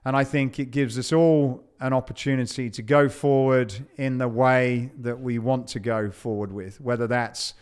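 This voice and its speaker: A male podcast host in a reflective monologue, halting and repeating words. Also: mid-range voice, steady tone, a little mellow, clean tone.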